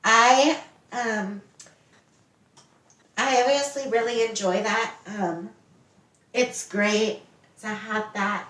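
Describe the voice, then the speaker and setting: A woman's voice: on the high side, steady tone, drawn-out words, long pauses, fairly bright tone. A woman voicing a hesitant young contest winner with a put-on South African accent, in a roomy, distant sound. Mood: earnest. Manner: hesitant, many ums, earnest. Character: young woman reality-show winner, fussy about style. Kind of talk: role-play interview.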